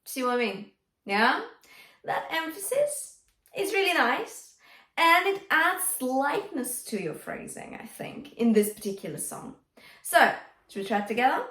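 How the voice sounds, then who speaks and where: A woman's voice: high-pitched, very animated, a little slow, fairly bright tone, reverberant, recorded from a distance. A woman coaching a singing lesson, explaining technique and singing lines to show it, encouraging her students with a coaxing "yeah?". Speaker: vocal coach. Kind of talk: singing lesson with sung demonstrations.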